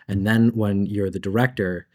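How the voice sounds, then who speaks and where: Casting note: deep-voiced male designer, chatty and animated, convention panel guest. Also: normal speed. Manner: animated, chatty, laughs between thoughts, uses filler like "like".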